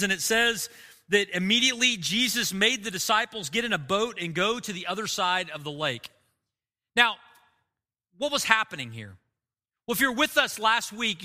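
A man preaching a sermon as pastor, telling the story in an animated way and acting out the people in it. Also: high voice. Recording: long reverb of a large hall.

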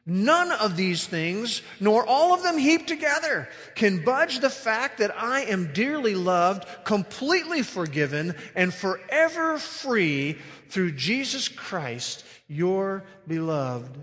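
A man's voice: high-pitched, big pitch swings, takes it slowly, bright, forceful tone, in a large hall. A man preaching a sermon as pastor, earnest and emphatic, stretching out key phrases.

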